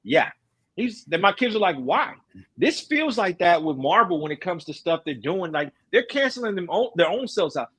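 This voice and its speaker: A man's voice: high-pitched, very animated, normal speed, fairly bright tone, slightly rough. A middle-aged man hosting a casual stream chat, ranting emphatically with slang. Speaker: streamer host.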